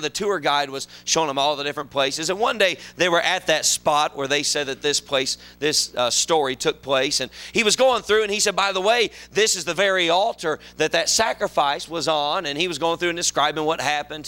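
A man preaching a sermon, with folksy storytelling that swings from loud exclamations to low asides. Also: clean tone.

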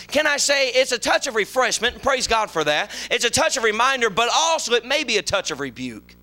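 A man in his forties preaching a sermon, animated, acting out characters and shouting on emphatic lines. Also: very high-pitched, brisk, hardly any pauses. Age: 40s. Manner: animated, shifts into voices for biblical characters and complainers.

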